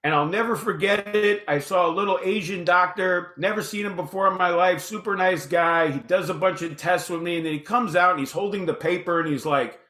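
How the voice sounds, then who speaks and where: A man in his fifties, a podcast guest telling his story in a casual, animated way and acting out the dialogue. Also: sits high, brisk, few pauses, soft background music. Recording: roomy echoey room.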